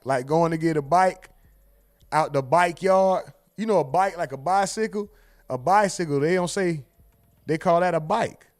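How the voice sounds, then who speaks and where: A man hosting a livestream in casual chat, telling jokes and acting out exchanges with sudden loud outbursts, speaking. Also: high voice. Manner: animated joking storyteller, acts out exchanges with loud outbursts. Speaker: livestream host.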